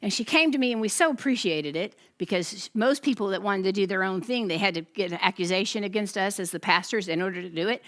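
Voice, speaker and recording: A woman pastor, giving a testimony sermon to her congregation as an animated storyteller who acts out the voices she quotes. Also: medium pitch, fast talker, few pauses.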